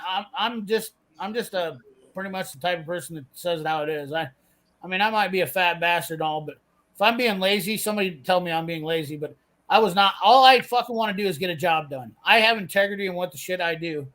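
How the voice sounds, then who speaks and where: A man's voice: high voice, a little fast, bright, forceful tone, rough recording. A man, ranting profanely and bluntly as he tells a work story in casual chat. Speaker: host telling a work story.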